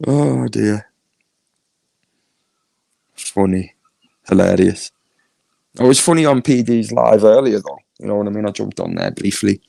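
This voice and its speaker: A Northern English man on a live stream, his low voice gravelly and fried at the edges. He talks loosely and laughs a lot, answering chat as he goes, and the sound is close and dry. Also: a little mellow, no room sound. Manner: chatty, laughs often, reads chat aloud. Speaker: YouTube streamer.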